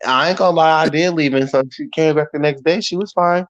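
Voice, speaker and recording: A man telling a story to the camera in a casual, animated and profane way, full of slang. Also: on the high side, brisk, no echo, lo-fi sound. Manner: animated, profane, slangy and talking straight to the viewer. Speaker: storyteller vlogger.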